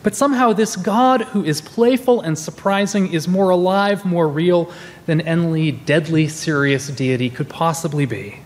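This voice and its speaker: This minister, a man in his forties, speaks at normal speed in a voice that's a little high. Preaching in a church sanctuary, he tells stories in a conversational manner full of restarts, and his words echo with the long reverb of a large hall.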